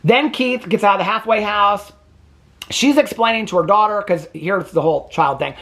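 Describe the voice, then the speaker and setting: Recording to a camera on a tripod, a man runs a reality TV reaction channel, recapping episodes in a sassy, gossipy, chatty style and repeatedly asking viewers "okay?". His voice sits high, pushed and bright, at normal speed.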